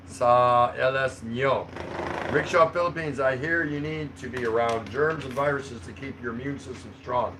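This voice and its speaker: Male livestream host, casual and chuckling, middle pitch, light background hiss. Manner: rambling, chuckling, easygoing. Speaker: livestream host reading chat. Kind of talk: casual live chat. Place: home in the Philippines.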